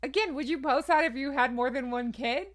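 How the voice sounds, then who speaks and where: Sitting high in pitch at a normal pace, a woman hosts opinionated commentary about celebrities. She sounds sarcastic and incredulous, softening her claims with hedging asides.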